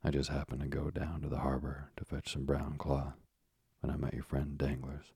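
Sly young tailor neighbor, man reading, ingratiating, husky, dark tone. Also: very deep voice, monotone, normal speed, dry recording, clean studio sound, full character voice.

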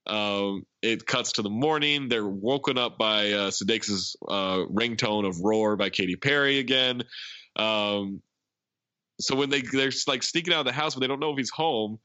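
A man's voice: lowish voice, normal speed, bright, forceful tone, dry recording, dull audio. A man hosting a podcast, casually recapping a film as a chatty storyteller who acts out the lines. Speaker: podcast host.

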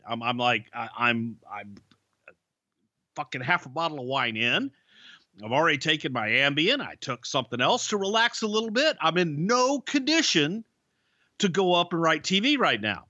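A man's voice: a little high, big pitch swings, normal speed, pushed and bright, dry recording. A man co-hosting a podcast, telling rambling, profane stories about life on the road, full of restarts. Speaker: podcast co-host, former wrestling writer. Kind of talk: casual storytelling. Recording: dull, lo-fi podcast audio.

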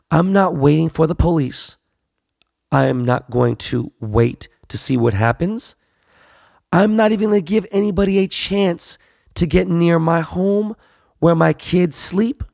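Man, casual host monologue, heavy fry, blunt street slang, profane and emphatic. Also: fairly high pitch, darkish tone, no room sound, studio quality. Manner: emphatic, repeats himself for weight.

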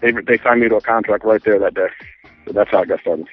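A fast-talking man with a lowish voice rambles through his story as an interview guest, restarting a lot and acting out quotes in casual storytelling. The line is tinny like a phone, with faint music behind him.

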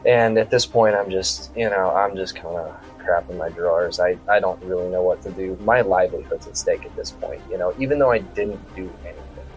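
A deep-voiced man from South Dakota guests on a podcast and tells a long story in a loose, rambling way. He keeps acting out both sides of conversations as he goes. Soft music plays quietly behind him. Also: steady tone, a little fast, hardly any pauses, poor audio. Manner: rambling retelling full of quoted dialogue and repeated "I said". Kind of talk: casual storytelling.

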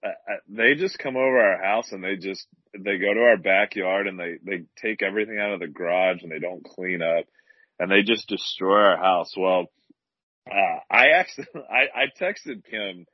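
A very deep-voiced man in his thirties rambles easily through a casual podcast chat. The audio is dry, with no room sound, and a little muffled. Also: moderate pace, dry recording. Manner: laid-back, rambling with fillers. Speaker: podcast co-host.

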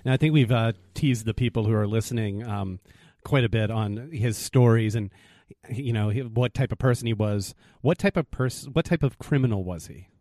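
Low-voiced male co-host, meandering. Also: normal speed, warm tone, no echo, clean studio sound. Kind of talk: casual interview talk.

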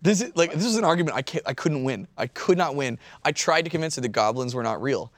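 A man in his thirties telling a story in casual chat, animated and swearing, often breaking into laughter. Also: on the high side, quick pace, dry recording.

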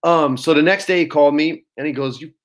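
Animated storytelling man. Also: fairly high pitch, fast. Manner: animated, swears casually, acts out quotes. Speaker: actor guest. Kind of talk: casual storytelling.

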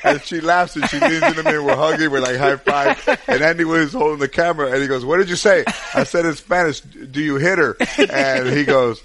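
A man's voice: fairly high pitch, lively intonation, a little fast, few pauses, fairly bright tone. A man chatting as a guest, telling rambling golf anecdotes with many restarts and fillers. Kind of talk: casual storytelling chat.

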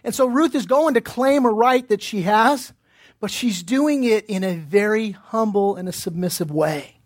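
A man's voice: high voice, moderate pace. A man preaching a sermon as pastor, earnest and direct, putting pointed questions to his listeners and often restarting his words. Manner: earnest, repeats himself while searching for words, asks pointed questions.

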